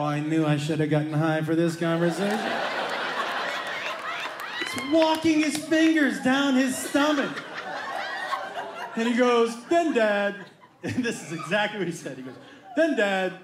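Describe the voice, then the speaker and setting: A man doing stand-up comedy, telling an animated story and playing both sides of the dialogue. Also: sits high, brisk, background noise. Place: comedy club stage with live audience. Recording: live club room echo with crowd laughter.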